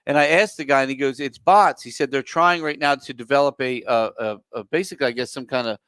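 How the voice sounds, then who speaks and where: A man hosting a casual podcast chat for his theater, telling stories in a profane, animated rant. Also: mid-range voice, quick pace, clean tone, dry recording. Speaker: theater venue host.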